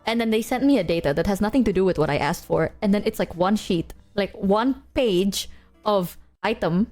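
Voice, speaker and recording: A woman's voice: medium pitch, expressive, moderate pace, a little mellow, soft background music. A woman streamer chatting casually to her viewers, ranting emphatically and swearing often.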